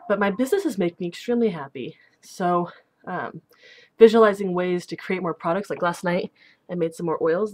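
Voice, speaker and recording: A young woman talking casually to the camera in a personal vlog, rambling and dropping "like" into nearly every sentence. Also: fairly low pitch. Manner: rambling, full of "like" fillers. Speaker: vlogger.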